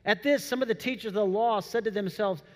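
High-voiced male preacher in a reverberant hall. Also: quick pace. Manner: animated storytelling preaching with acted quotes. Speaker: pastor. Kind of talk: sermon.

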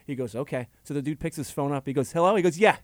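A man telling stories in a casual chat, animated and swearing freely. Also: on the high side, fast talker, no echo, clean studio sound. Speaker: comedian guest.

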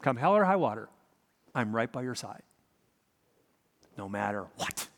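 A preacher acting out a loud, boastful disciple. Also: male voice, mid-range voice, sing-song, unhurried, long reverb tail, voice pushed down. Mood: emphatic. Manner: boastful, emphatic protest. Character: impulsive, fiercely loyal male disciple, adult.

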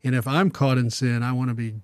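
A middle-aged man talking about faith in an earnest, reflective way, pausing to restart his sentences. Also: mid-range voice, little pitch movement, a little mellow, smooth, dry recording. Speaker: podcast guest. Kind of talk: casual Bible discussion.

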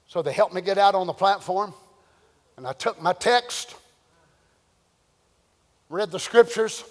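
A man's voice: high voice, unhurried. Older man preaching in an echoey hall. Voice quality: swings between loud shouting and quiet storytelling. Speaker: pastor. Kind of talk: sermon.

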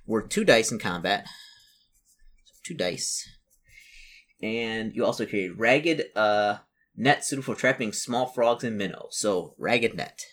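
Husky-voiced man playing a gamebook. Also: lowish voice, expressive, measured pace, long pauses, fairly bright tone. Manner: chatty, musing, self-correcting. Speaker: solo gamebook player and narrator. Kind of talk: casual playthrough, reading a gamebook aloud.

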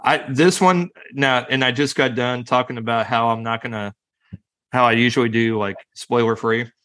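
A man's voice: medium pitch, steady tone, moderate pace, a bit bright. A man co-hosting a casual movie podcast, rambling and restarting his sentences, laughing often. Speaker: podcast co-host. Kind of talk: casual chat about movies.

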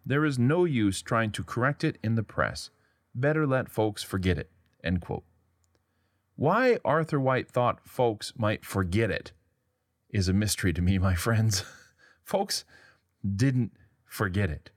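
A man's voice: lowish voice, expressive, a little slow, long pauses, no room sound, studio quality. A man hosting a history podcast, narrating in a wry, conversational way and reading quotes aloud. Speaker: podcast host.

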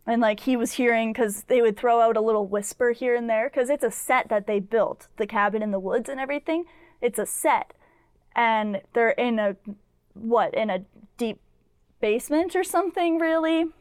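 Chatty young woman, clear smooth voice. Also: fairly high pitch, normal speed, dry recording, clean studio sound. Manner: rambling with many "like" fillers. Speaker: podcast co-host. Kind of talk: casual chat.

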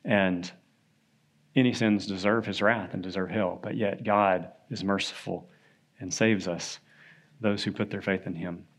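A man's voice: deep voice, unhurried. A man teaching a Sunday school Bible lesson in a church classroom, casual and conversational, often checking in with "right?". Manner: conversational, often asks "right?", animated when telling a story.

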